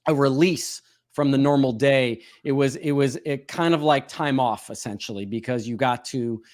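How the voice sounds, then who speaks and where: A man hosting an interview, speaking conversationally with quick asides. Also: medium pitch. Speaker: interview host. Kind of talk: casual conversation.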